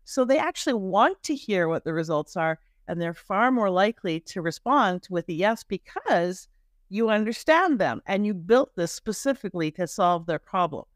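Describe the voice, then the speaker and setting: Canadian woman, middle-aged, a lively marketing coach, mid pitch, dry close recording. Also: normal speed, no room sound. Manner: animated and emphatic, with repetitions and restarts. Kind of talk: conversational podcast interview.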